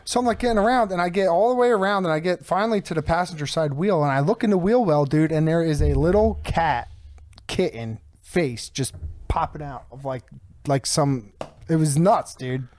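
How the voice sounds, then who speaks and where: A man hosting a podcast, telling a story in casual chat, animated and profane with lots of fillers. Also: fairly high pitch, normal speed. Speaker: podcast host.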